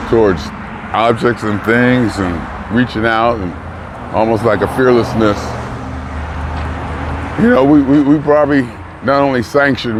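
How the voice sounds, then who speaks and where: An older man vlogging in a casual, musing way, trailing off mid-thought as he reflects aloud. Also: lowish voice. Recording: noisy outdoor traffic. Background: passing cars and street ambience.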